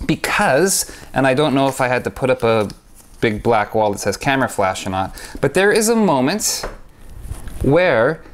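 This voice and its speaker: A man who performs magic, talking casually to camera about a trick he likes, rambling and correcting himself as he goes. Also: medium pitch. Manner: rambling, stop-start, self-correcting; enthusiastic. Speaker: magician reviewing his own trick.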